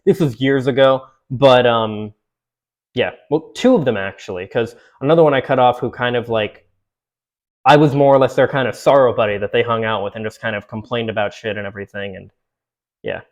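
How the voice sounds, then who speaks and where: A man's voice: medium pitch, fairly quick. Rambling young man chatting casually. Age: 20s. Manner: rambling, many restarts and fillers, laughs and swears. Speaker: vlogger. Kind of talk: casual chat to camera.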